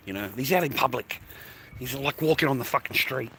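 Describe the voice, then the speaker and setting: A man's voice: mid-range voice, animated, brisk, fairly bright tone, slight background noise. A middle-aged man, rambling and swearing while livestreaming on a phone, tired and coughing. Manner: swearing, rambling, calls listeners mate. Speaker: live streamer. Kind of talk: rambling casual livestream chat.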